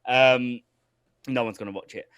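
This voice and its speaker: A man's voice: mid-range voice, steady tone, moderate pace, fairly bright tone, clean tone, no echo, muffled recording. A man co-hosting a podcast, chatting casually, swearing and laughing a lot as he acts out quotes. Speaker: podcast co-host. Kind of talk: casual chat, movie review.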